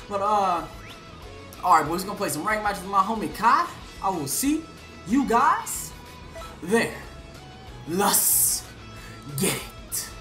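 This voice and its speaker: A woman's voice: on the high side, fairly bright tone. A young woman hosting a gaming channel, giving hyped, slangy live commentary on her matches and calling out opponents. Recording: roomy room sound.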